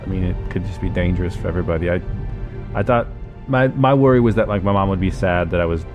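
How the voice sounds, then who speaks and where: Man playing a shy young kid, halting, filler-heavy, low voice, music behind. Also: darkish tone, lightly acted. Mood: worried. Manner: hesitant, halting, many fillers. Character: young, unsure kid crew member.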